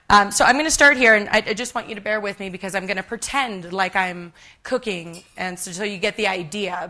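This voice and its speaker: A woman's voice: medium pitch, sharp tone. A woman in her thirties giving a live cooking demonstration on a conference stage, chatty and self-deprecating with many ums. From United States.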